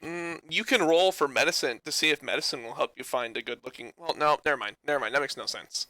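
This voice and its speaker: Young male game master, bright and dry, loose improvised narration. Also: on the high side, fast talker, dry recording. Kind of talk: running a tabletop game.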